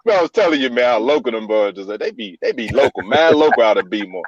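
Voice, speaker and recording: A man's voice: medium pitch, quick pace. A man joins the group banter with a bouncy, swinging voice that rises and falls a lot. The audio is dull and lo-fi, like a call. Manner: laughing, lively, banter. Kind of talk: casual group chat.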